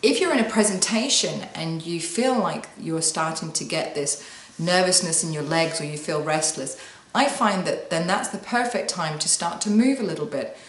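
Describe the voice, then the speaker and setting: A woman coach gives calm, soothing instructions straight to camera. Her voice sits fairly low, and she leads the listener through slow breathing. The room around her is noticeably echoey. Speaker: wellbeing coach. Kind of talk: guided self-help talk to camera.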